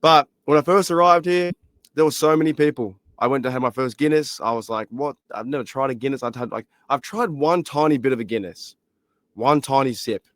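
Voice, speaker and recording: A man from Australia with an Australian accent, hosting a casual solo podcast with a hoarse, worn-out voice, rambling excitedly with lots of fillers. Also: mid-range voice, fairly quick, no echo. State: hoarse, lost voice. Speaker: podcast host. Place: library.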